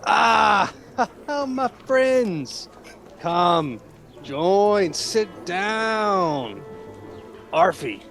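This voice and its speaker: A man's voice: high voice, sing-song, extremely slow, creaky, long pauses, fairly bright tone, voice pushed up, heavily acted. A man voicing a sneaky, conniving male halfling schemer who talks in a wheedling, boastful way, with faint music behind. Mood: jovial.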